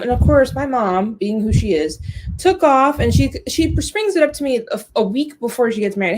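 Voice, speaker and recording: A woman's voice: fairly high pitch, brisk, a little hiss or hum. Candid, profane woman telling a story. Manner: candid and profane, emotional, animated quoting. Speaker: podcast host. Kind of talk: casual storytelling monologue.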